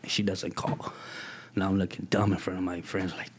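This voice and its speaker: A man's voice: deep voice, a little fast, slight background noise. A middle-aged man from Texas, telling stories in an interview and acting out the people in them. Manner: animated, acts out quoted people in raised voices. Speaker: guest. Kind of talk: storytelling interview.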